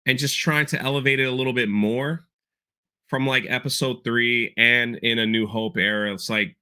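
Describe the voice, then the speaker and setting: A man's voice: medium pitch, fairly even intonation, moderate pace, bright, forceful tone, clean tone. A man hosting a casual podcast chat, rambling and repeating himself as he talks through a show episode. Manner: rambling, repeats words, quotes lines with feeling. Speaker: podcast host breaking down an episode.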